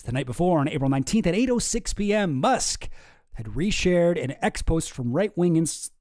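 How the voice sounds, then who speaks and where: Animated sarcastic male streamer. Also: mid-range voice, dry recording, clean studio sound. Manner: sarcastic, swearing, animated asides. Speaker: streamer host. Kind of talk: casual commentary reading news posts.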